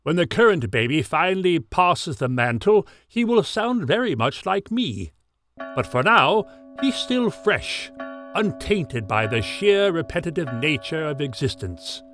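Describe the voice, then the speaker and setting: A man voicing Father Time, an ancient, world-weary timekeeper with a formal British accent and a measured, distinguished delivery. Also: a little high, very animated, fairly bright tone, soft background music. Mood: dignified. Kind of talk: comedy sketch dialogue.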